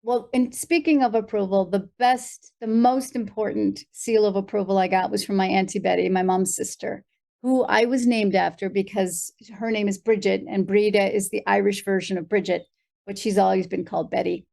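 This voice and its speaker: An American woman speaks as a podcast guest with an animated storytelling manner, leaning on fillers as she goes. Her voice has a gravelly, creaky texture. Her pitch sits in a middle range for a woman. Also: normal speed. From United States. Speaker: guest, performer. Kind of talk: conversational interview.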